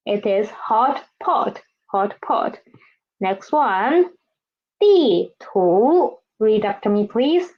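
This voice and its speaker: Slow, lilting woman teaching vocabulary. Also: mid-range voice, animated. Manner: repeats each word twice, drawn-out careful pronunciation. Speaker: Chinese language teacher. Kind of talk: slow classroom instruction with read-after-me drills. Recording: dull lo-fi recording.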